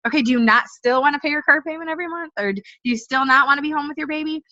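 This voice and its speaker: A woman's voice: high-pitched, very fast, sharp tone, dry recording. A woman in her thirties, a stuffy-voiced team leader giving her sales team an upbeat, direct pep talk. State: stuffy from allergies. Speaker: network marketing team leader. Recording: dull, dry lo-fi recording.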